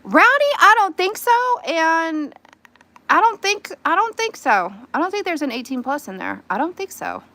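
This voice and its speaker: Animated Southern woman chatting live. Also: very high voice, normal speed. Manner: animated, squealing in disgust, laughing often. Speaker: livestream host. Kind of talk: casual chat with viewers. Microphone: phone.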